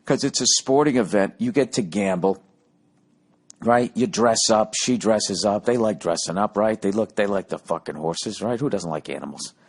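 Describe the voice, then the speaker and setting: A man's voice: lowish voice, normal speed. A man who hosts a podcast and tells stories in a casual, rambling monologue, cursing often. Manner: profane, animated storytelling. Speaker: comedian and podcast host. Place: on the road while touring.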